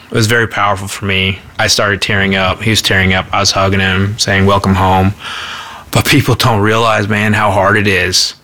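A man with a low voice but a bright, tense tone speaks earnestly, stopping and restarting as he searches for words. He sounds like a casual interview. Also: little pitch movement. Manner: earnest, halting. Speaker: author and war veteran.

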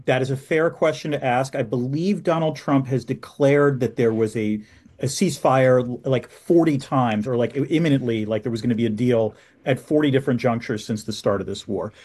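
A man, a professor guest, explaining in a measured way with fillers like "um", speaking over a video call. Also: mid-range voice, a little mellow. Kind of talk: expert radio interview.

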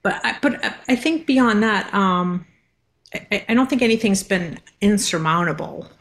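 Woman from massachusetts on a radio interview, lots of ums and restarts, kinda halting. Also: mid-range voice, animated. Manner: hesitant, many ums and restarts. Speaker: guest, linguist.

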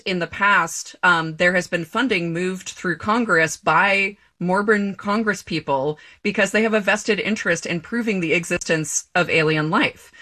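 A woman astronomer answering interview questions in a relaxed, conversational way, with fillers and some laughter. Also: fairly low pitch. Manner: laughs while talking, many fillers. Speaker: astronomer guest.

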